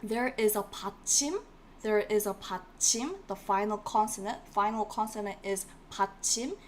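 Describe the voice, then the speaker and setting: Teaching a live online language class, a woman encourages her students and repeats each word again and again to drill it, laughing often and making playful asides. She speaks fast at a medium pitch, her tone a little mellow, with a little hiss or hum in the recording.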